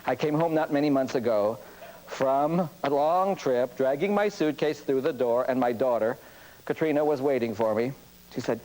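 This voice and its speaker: A man's voice: mid-range voice, moderate pace, darkish tone, low-quality recording. A priest giving a storytelling lecture on communication, acting out the people in his anecdotes. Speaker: priest and speaker on cross-cultural communication.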